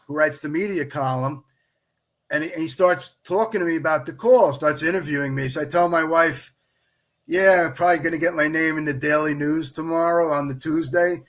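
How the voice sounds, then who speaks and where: A middle-aged man, a guest on a podcast, telling a long anecdote in casual chat and quoting others as he goes. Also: a little high. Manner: animated anecdote-telling, quotes others in dialogue. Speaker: podcast guest, official baseball scorer.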